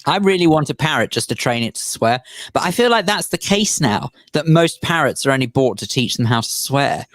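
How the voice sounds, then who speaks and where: A man co-hosting a radio talk show who speaks in an earnest, measured and sincere way. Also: medium pitch, animated, a bit bright, dry recording. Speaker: radio co-host. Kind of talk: casual radio chat.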